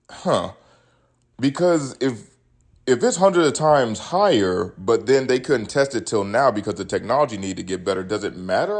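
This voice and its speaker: A man's voice: low-pitched, normal speed, vocal fry, slightly rough. A man in his thirties hosting a solo podcast, swearing freely as he rambles and reads news stories aloud with his own takes. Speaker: podcast host. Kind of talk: casual solo podcast commentary.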